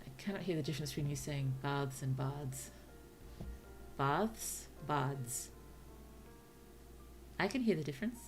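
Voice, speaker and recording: A woman's voice: low-pitched, fast talker, few pauses, darkish tone, soft background music. A woman with an Australian accent chatting casually on a livestream, musing aloud and laughing often. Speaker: streamer and writer.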